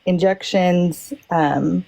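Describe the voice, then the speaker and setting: A woman's voice: lowish voice, steady tone, drawn-out words, vocal fry, dark tone, rough recording. A woman in a casual group discussion, telling a personal story candidly and emphatically, acting out what others said. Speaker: panel participant.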